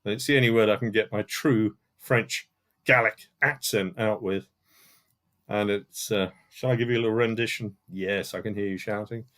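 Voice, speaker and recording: A man's voice: fairly low pitch, steady tone, moderate pace, a bit bright. A man hosting a live-streamed music quiz from home, reading out answers and scores with dry joking asides. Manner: chatty, with asides and dry jokes. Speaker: quiz host. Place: home room in front of a CD collection.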